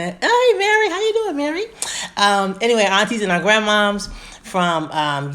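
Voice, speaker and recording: A woman in her forties, a gynecologist, chatting casually on her first live stream, bubbly and greeting viewers by name with many fillers. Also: deep voice.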